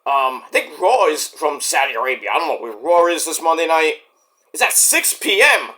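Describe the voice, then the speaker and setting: A man's voice: a little high, very animated, normal speed, pushed and bright. A man hosting a casual solo podcast, rambling and swearing freely as he loses his thread. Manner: rambling and profane, trailing off. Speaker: podcast host.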